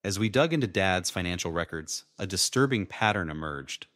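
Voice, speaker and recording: A young man in his twenties narrating a dramatic first-person animated story. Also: deep voice, moderate pace, dry recording. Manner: dramatic, emotionally charged. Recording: dry close studio voice-over.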